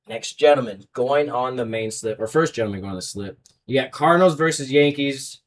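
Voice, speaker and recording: A man's voice: mid-range voice, distant mic, slight background noise. A young man hosting a sports betting podcast, ranting heatedly about baseball fans and then running through his picks. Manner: heated, fast-swinging rant, loud then muttering.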